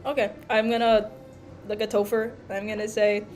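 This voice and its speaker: A woman's voice: mid-range voice, little pitch movement, brisk, darkish tone. A woman playing in a tabletop game, giggly and playful as she acts out her character. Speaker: player.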